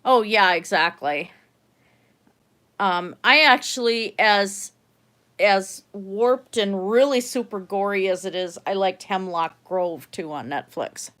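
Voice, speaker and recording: A woman's voice: mid-range voice, slow pace, fairly bright tone. A middle-aged woman with a Minnesotan accent, chatting casually on a livestream and rambling with many fillers and restarts. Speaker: livestream host. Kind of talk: casual livestream chat while painting.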